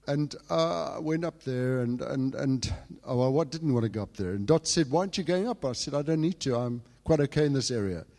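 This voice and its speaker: A man's voice: mid-range voice, expressive, fairly quick, creaky. Man preaching in an echoing hall. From England. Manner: storytelling, swings from hushed to shouting. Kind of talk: sermon with personal testimony.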